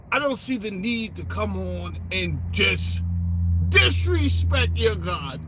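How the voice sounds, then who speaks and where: A political commentator rants in casual commentary, his voice high-pitched, bright, and forceful. He's profane and sarcastic, packing his talk with street slang and rambling through restarts and asides. There's slight background noise.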